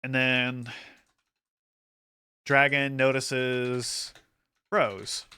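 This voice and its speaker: Male streamer, bright crisp voice, rambly filler-heavy chatter, a bit wired. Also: medium pitch, level tone, drawn-out words. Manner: rambling with many fillers, laughs often. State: hyper from an energy drink. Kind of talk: casual livestream chat.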